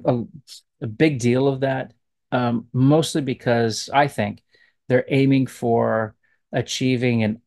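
Gravelly-voiced male professor musing aloud. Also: medium pitch. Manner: relaxed, thinking aloud and digressing. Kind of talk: casual spoken commentary on language.

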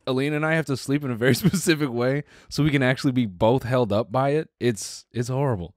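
A man co-hosting a podcast and telling stories in slang, swearing freely. His voice sits at an ordinary middle pitch. The sound is dry and close. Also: fast, no echo. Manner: slangy storyteller, profane. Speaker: podcast co-host. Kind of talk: casual chat.

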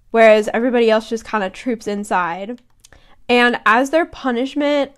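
A young woman co-hosting a podcast, chatting casually about a book and giggling as she reads quotes aloud in voices. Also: on the high side. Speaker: podcast co-host.

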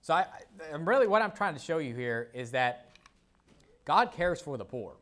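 Preaching as pastor, this man has a fairly high, fairly bright voice and sounds very animated at a moderate pace. His talk is casual, peppered with "okay?" and "you know," and he reads King James scripture aloud, repeating the verse references so the congregation can find them.

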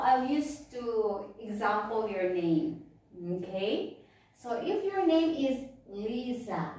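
A woman teacher giving a phonics lesson to children, patiently repeating words and checking understanding. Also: on the high side. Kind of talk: slow classroom phonics lesson. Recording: echoey room, distant mic.

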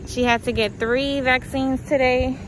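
A woman's voice: high-pitched, steady tone, measured pace, background noise. A pregnant woman, chatting casually to her viewers as a vlogger, a bit out of breath, calling them y'all. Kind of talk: casual vlog chat to viewers. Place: car, then doctor's office.

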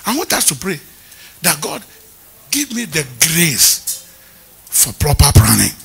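A man, a pastor preaching a sermon with lively storytelling and acting out the people he quotes. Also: fairly high pitch, slow, gravelly, breathy edge.

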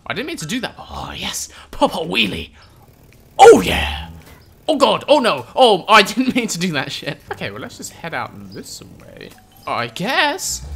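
Dude rambling over a game, voice bouncing all over, cusses, soft music under it. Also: male voice, high-pitched. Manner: joking, rambling, swears freely. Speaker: gameplay commentator. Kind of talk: let's play commentary.

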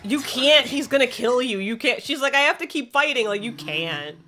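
Woman let's-play host, lively swooping pitch, foul-mouthed and easily panicked. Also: normal speed, faint music behind. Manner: excitable, swears a lot, shrieks when panicked. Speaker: gaming streamer.

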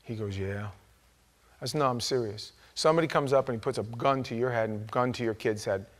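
A male pastor delivering a sermon in a church. He preaches with lively storytelling, dropping to a quiet, conversational tone and then bursting out loud when he acts out the people he quotes. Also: mid-range voice, a little fast. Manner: animated storytelling, acting out quoted voices with sudden loud outbursts. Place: church sanctuary.

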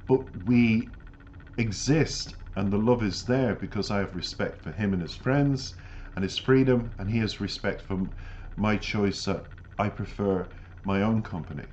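A man's voice: fairly low pitch, a little slow, a little mellow. A man hosting a music reaction channel, giving reflective commentary and earnest, emphatic life advice. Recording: dull lo-fi audio with faint noise.

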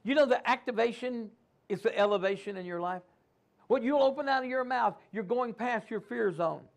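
A man's voice: very high-pitched, normal speed, gravelly. A man preaching a sermon in a church, calling out to his congregation and acting out the inner voices of doubt. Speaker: pastor.

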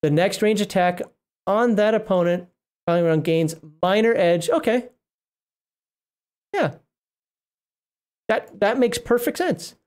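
A man's voice: high-pitched, expressive, a little slow, long pauses, darkish tone, smooth. A middle-aged man hosting a casual livestream, reading rules aloud and rambling, often breaking off mid-word. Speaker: livestream host reviewing a tabletop RPG book.

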